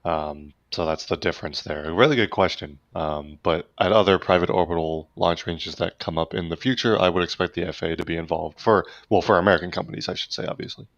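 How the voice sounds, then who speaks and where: A man with a very low voice hosts a live broadcast and answers viewer questions in an easy, thinking-aloud way. The sound is dry and a little dull. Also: fast, few pauses, a bit bright, dry recording. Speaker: livestream host. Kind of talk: casual live commentary.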